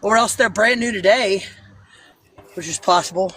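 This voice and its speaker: A woman's voice: medium pitch, moderate pace, sharp tone, a little hiss or hum. A woman chatting on a casual livestream outdoors by a creek, talking into a handheld phone in a playful, childlike way. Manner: playful, giggly, childlike banter. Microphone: phone held in hand.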